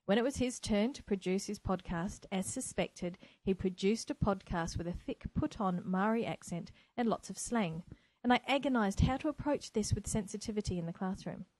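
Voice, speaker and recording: Enthusiastic teacher woman, mellow dry voice. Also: medium pitch, no room sound, poor audio. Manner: earnest, enthusiastic. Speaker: teacher and podcaster. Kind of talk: solo educational podcast. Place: home, by a window. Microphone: microphone.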